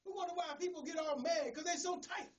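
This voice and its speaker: A middle-aged man preaches in a folksy storytelling way, stumbling over and repeating words as he goes. His voice sits high for a man. He is recorded from some distance in a church. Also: quick pace, dull audio. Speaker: pastor. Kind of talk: sermon.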